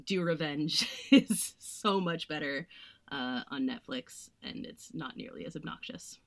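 A woman's voice: sits low, a little slow, a bit bright. Chatty young woman reviewing films. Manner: chatty, frequent "like" fillers, sarcastic mock voices. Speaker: podcast co-host. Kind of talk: casual film review chat.

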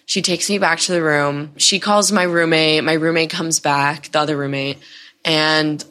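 Low-voiced young woman telling a story. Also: fairly even intonation, normal speed, fairly bright tone. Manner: candid, emotional retelling with many fillers. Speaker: podcast host. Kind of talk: personal storytime.

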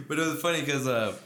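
A podcast host with a fairly bright voice on the high side tells a rambling story in casual chat. He laughs, uses lots of filler and quotes dialogue, and the room sounds echoey.

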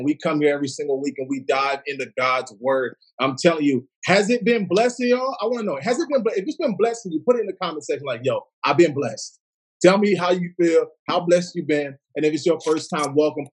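A man's voice: on the high side, husky. A man hosting a Bible study livestream from his phone, hyped and slangy, greeting viewers by name.

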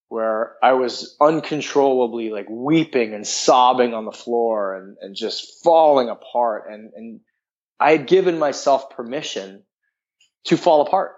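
A man's voice: mid-range voice, dull audio. A man telling a personal story in a frank, rambling way, full of filler words. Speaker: guest.

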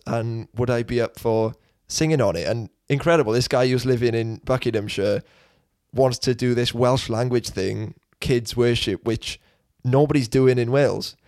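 A man's voice: medium pitch, darkish tone, no room sound, studio quality. A man hosting a podcast, asking his guest open questions in a curious, friendly way. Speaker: podcast host. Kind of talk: casual interview talk.

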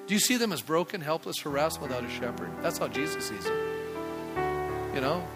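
A man's voice: fairly high pitch, expressive, normal speed, loud music behind the voice. A man in his sixties, a pastor giving a conversational sermon and asking the congregation rhetorical questions. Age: 60s.

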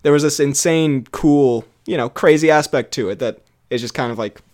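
A man's voice: medium pitch, normal speed, a little mellow. A young man co-hosting a casual film review podcast, talking in a rambling way with lots of fillers and restarts. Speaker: podcast co-host.

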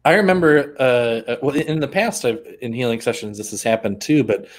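A man co-hosting a casual conversation, relaxed and hesitant, with many fillers and frequent laughter. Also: mid-range voice, a little fast. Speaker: podcast co-host.

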